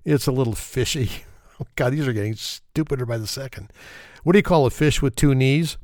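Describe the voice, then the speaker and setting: A man's voice: mid-range voice, fairly quick, darkish tone, no room sound, studio quality. A man telling a string of dad jokes, self-mocking and chuckling at his own punchlines. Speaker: joke teller.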